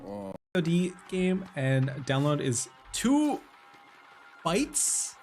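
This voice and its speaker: Excitable high-voiced male game streamer. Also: very slow. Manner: excitable, gasping, laughing reactions. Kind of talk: live game stream commentary. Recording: game music playing under the voice.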